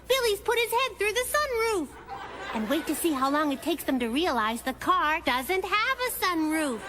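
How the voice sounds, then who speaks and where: A woman voicing a chatty, cheeky young cartoon girl who tells playful stories with giggles. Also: high voice. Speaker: narrator character. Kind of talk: cartoon monologue to the audience.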